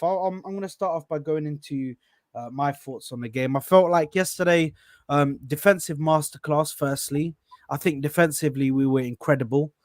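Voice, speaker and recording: Animated man host, slangy. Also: a little high, no room sound, studio quality. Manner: animated, slangy, says bro a lot. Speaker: channel host. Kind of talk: casual football reaction chat.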